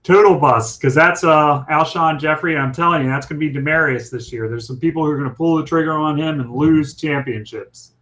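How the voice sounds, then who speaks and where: A man's voice: fairly high pitch, fairly quick, hardly any pauses, bright, forceful tone, poor audio. A man co-hosting a casual chat show, talking in a rambling, chatty way. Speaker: co-host.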